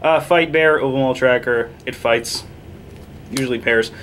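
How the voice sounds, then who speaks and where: A man's voice: mid-range voice, a little slow, fairly bright tone, a little hiss or hum. A young man casually walking through a card game deck, rambling, correcting himself and chuckling along the way. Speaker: deck tech presenter.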